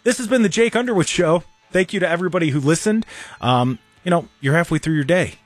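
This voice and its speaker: Ranting talk radio host, dry studio sound. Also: male voice, on the high side, quick pace, dry recording, faint music behind. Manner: animated, exasperated ranting with frequent restarts.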